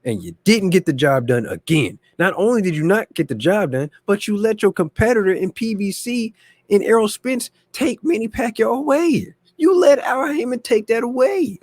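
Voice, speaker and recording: A man hosts a boxing talk channel in slangy, animated casual commentary. His voice sits a little high and sounds dry and close, with no room behind it. He often repeats himself as he builds a point. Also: moderate pace, no echo.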